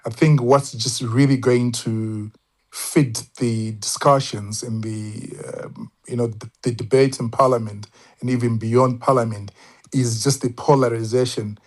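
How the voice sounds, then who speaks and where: A man's voice: mid-range voice, steady tone, unhurried. Man, hesitant panel talk. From Zimbabwe. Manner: thoughtful, hesitant, many fillers and restarts. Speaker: panel guest. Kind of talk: casual online panel discussion.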